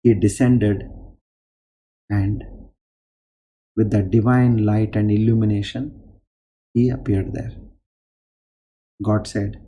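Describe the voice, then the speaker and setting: Slow, mellow-voiced man giving a discourse. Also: lowish voice, steady tone. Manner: unhurried, explanatory. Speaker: spiritual speaker. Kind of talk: spiritual discourse storytelling.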